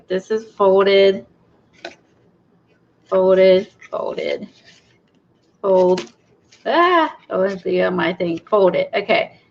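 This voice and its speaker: A woman's voice: mid-range voice, creaky. A woman chatting and thinking aloud while she works on a craft project, gushing over small finds. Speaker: craft video host. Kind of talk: casual crafting chat. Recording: dull lo-fi sound.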